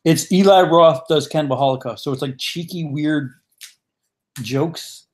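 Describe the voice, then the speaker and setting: A man's voice: a little high, a little slow. A man co-hosting a casual movie chat, joking and swearing often. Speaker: co-host.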